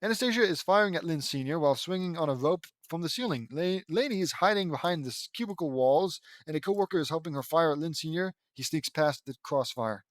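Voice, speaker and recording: A man's voice: on the high side, animated, quick pace, few pauses, no room sound. Sarcastic man reading fan fiction. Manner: sarcastic, exasperated, swears. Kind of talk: reading a fan story aloud with comments.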